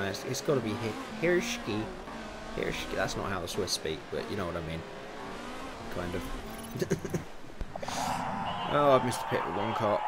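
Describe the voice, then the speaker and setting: Heavy background noise sits under a lowish male voice. He's a chatty gamer in his twenties doing casual livestream commentary, muttering to himself as he tweaks settings and chuckling in asides.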